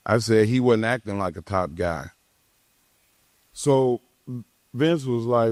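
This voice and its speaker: A man's voice: fairly low pitch, slow pace, long pauses, dry recording. A retired pro wrestler telling a casual anecdote, acting out other people's lines as he goes. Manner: animated storyteller who acts out other people's lines.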